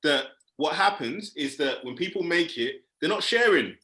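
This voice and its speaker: A man's voice: on the high side, animated, moderate pace, bright, forceful tone, echoey room. A man, a podcast guest, laying out his argument point by point in a group discussion.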